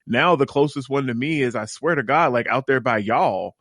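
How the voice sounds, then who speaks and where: A man, co-hosting a gaming podcast in casual chat, animated and profane, telling stories with lots of enthusiasm. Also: mid-range voice, normal speed, no room sound, clean studio sound. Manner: animated, profane, excitable storyteller. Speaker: podcast co-host.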